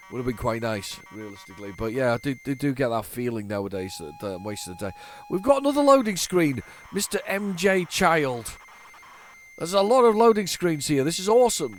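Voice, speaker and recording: Over slight background noise, this middle-aged retro gaming host talks in a fairly high voice, yawning and clearly tired. His loading-screen commentary is loose and chatty, full of false starts, jokes, and sarcastic side remarks.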